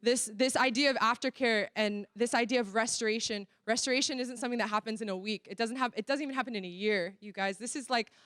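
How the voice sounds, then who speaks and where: A woman's voice: on the high side, fast talker, few pauses, a bit bright, dry recording, clean studio sound. A young American woman from Florida giving a casual sermon-style church workshop talk, telling stories animatedly and acting out dialogue. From Florida, USA.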